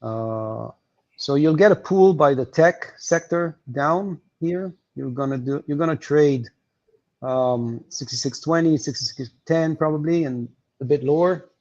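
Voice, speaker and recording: A man walking through market levels on a livestream, explaining with many pauses and fillers. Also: on the high side, darkish tone, dull audio. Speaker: market analyst guest.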